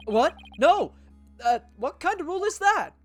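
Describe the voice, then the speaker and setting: A woman voicing a wry adult male defense lawyer who reacts in a dry, deadpan way, in a fan voice-acted game. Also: on the low side, normal speed, soft background music. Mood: exasperated.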